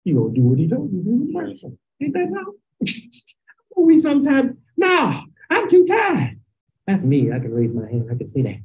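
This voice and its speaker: Over a video call, a woman with a Chicago accent runs a Bible class, firing questions at her students and stretching out words for emphasis, at times breaking into shouts. Her voice sits low with huge swings in pitch, and the audio quality is poor.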